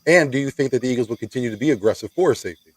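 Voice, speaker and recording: A man's voice: mid-range voice, expressive, very fast, breathy edge, dry recording, low-quality recording. A man hosting a casual sports podcast, playful and self-mocking as he leads the talk. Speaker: podcast host.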